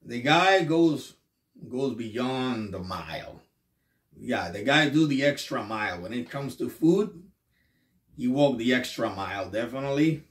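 A man vlogging in casual chat, halting and repeating words as he trails off. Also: medium pitch, expressive, far from the mic. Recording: echoey room.

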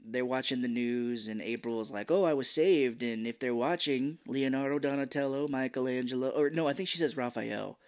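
A man's voice: mid-range voice, clean tone. Man retelling a movie with playful voices. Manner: animated retelling, breaks into quick silly character voices. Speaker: podcast co-host. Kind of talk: casual movie recap chat.

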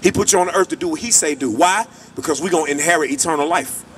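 A man's voice: fairly high pitch, fast talker, fairly bright tone. A man preaching on an outdoor street, emphatic and repetitive in a colloquial way. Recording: distant mic, traffic noise.

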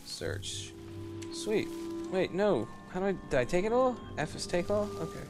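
A man giving casual let's play commentary, excitable and joking, swearing and laughing at the game. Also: high voice, moderate pace. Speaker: gamer. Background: game music.

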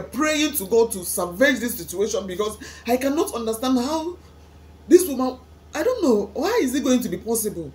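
A woman's voice: on the high side, big pitch swings, moderate pace. A woman with a Nigerian accent, tearful and sighing, pleading as she asks God question after question in an emotional vlog. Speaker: vlogger.

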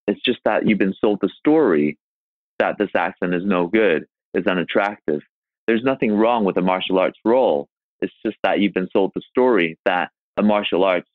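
Over a tinny, phone-like remote line, a man from China appears as a guest actor in a podcast interview. He speaks earnestly and emphatically in a deep voice, using rhetorical questions, with no room sound.

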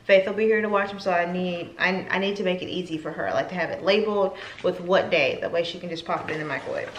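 A talkative woman in her thirties rambles to camera at home in a casual vlog. Her voice sits a little low, and the room around her rings with echo. A faint hiss runs underneath. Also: fast talker. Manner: chatty, rambling, gets emotional at times. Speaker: lifestyle vlogger. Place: home, indoors. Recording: echoey room.

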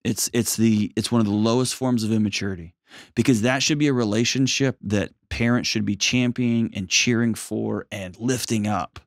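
Blunt, animated man hosting an advice show. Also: fairly low pitch, moderate pace, no room sound, studio quality. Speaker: host.

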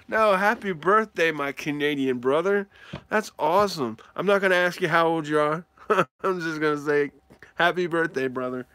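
A man chats live with his viewers while he opens mail, his voice bright and lively and his pace slow and drawn out. He whoops and laughs often, and the sound is dry and close. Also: fairly high pitch, dry recording. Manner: animated, whoops and laughs often, talks to chat. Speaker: card collecting live streamer. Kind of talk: excitable live stream mail-day chat.

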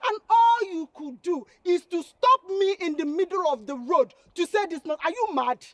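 A woman's voice: very high-pitched, lively intonation, moderate pace, dry recording. A young actress with a Nigerian accent playing a scornful woman scolding a pest. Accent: Nigerian English. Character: sharp-tongued young woman.

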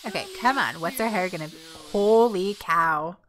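A young woman giving casual, giggly let's-play commentary, gushing and voicing her character in quick asides. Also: on the low side, fairly bright tone. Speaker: gameplay commentator.

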